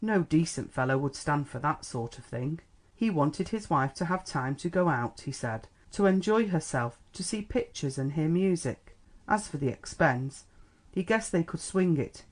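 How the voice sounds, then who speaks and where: In a mid-range voice, an audiobook narrator reads a classic novel in a measured, even storytelling manner.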